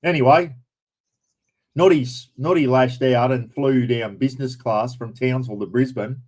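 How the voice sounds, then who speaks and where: Greeting viewers by name, an Australian livestream host chats casually at normal speed, blunt and talkative with some mild swearing. His medium-pitched voice is a little mellow, though the recording quality is low.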